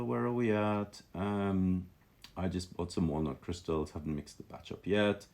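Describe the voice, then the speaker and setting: A man's voice: low-pitched, measured pace, creaky, darkish tone. A man teaching calligraphy on a live stream, musing aloud with enthusiasm, often restarting his sentences. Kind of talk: live-streamed lesson, casual commentary.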